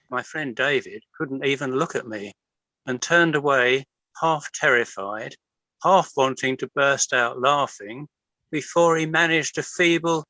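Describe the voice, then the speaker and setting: Bright-voiced man reading poems. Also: medium pitch, unhurried, dry recording, poor audio. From Liverpool, England. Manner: expressive storytelling reading. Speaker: guest poet and artist. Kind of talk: reading his own poems aloud.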